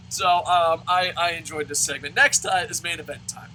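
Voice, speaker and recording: A man from New Jersey reviewing a wrestling show in a loud, profane, laughing rant that jumps into high shouts. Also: fairly even intonation, fairly quick, few pauses, poor audio. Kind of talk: profane animated ranting review.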